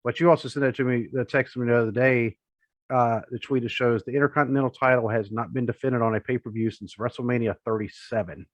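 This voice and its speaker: A man co-hosts a wrestling podcast in casual conversation, rambling, chatty, and joking. His voice is medium-pitched with a steady tone and a quick pace, captured in dull, dry lo-fi podcast audio.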